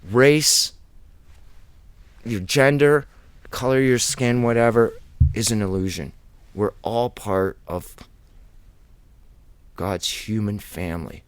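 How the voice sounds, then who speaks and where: A man's voice: medium pitch, no room sound. A man preaching on a Bible chapter, reading scripture aloud and breaking off into impassioned, rambling commentary.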